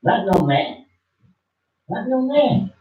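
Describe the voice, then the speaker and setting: An older man giving an informal scripture teaching, fiery and rambling, going from loud to quiet. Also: very high voice, sing-song, slow. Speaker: preacher. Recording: echoey phone-like sound from far off.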